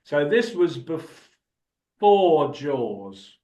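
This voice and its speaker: A man's voice: a little high, sing-song, very slow, darkish tone, reverberant, poor audio. An older man telling a rambling anecdote as an interview guest, chatty and laughing often. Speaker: actor and guest. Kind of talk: anecdotal storytelling.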